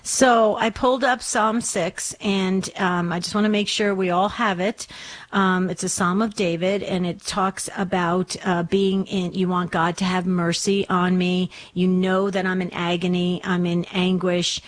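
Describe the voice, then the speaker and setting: A woman hosting a call-in radio show, speaking in an encouraging, unhurried way. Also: on the low side, level tone. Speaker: radio host.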